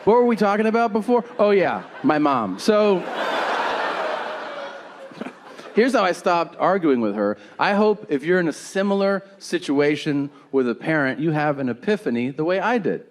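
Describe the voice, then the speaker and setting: A man's voice: sits high, wildly swooping pitch, unhurried, in a large hall, a little hiss or hum. A middle-aged man performing a stand-up set, brash and profane, telling stories animatedly. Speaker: stand-up comedian.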